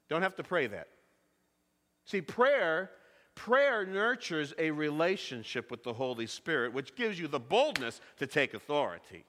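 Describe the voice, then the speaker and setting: A man preaching a sermon, leading the congregation in call-and-response with emphatic, deliberate phrasing. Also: a little high, big pitch swings, fairly bright tone. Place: church. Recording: echoey hall.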